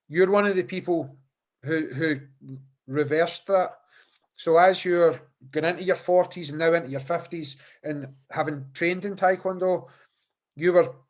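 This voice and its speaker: A man hosting a podcast interview over a video call, chatty and often repeating words as he thinks. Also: a little high. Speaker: podcast host.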